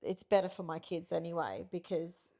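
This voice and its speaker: A woman's voice: fairly low pitch, normal speed, gravelly, dark tone. A middle-aged woman co-hosting a casual couples podcast, talking frankly and reflectively with many fillers. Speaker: podcast co-host.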